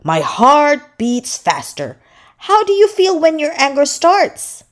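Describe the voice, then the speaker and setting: Calm wise shark lady, woman doing the voice, firm but patient, fairly high. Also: takes it slowly, exaggerated voice. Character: calm, patient grown-up female shark painter.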